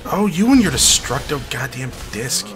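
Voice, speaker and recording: A man streaming a live playthrough, reacting excitedly, talking to chat, and muttering to himself between loud outbursts. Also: fairly high pitch, normal speed, vocal fry, faint music behind. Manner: casual, swears, talks to chat. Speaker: gaming streamer. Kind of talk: live gameplay commentary.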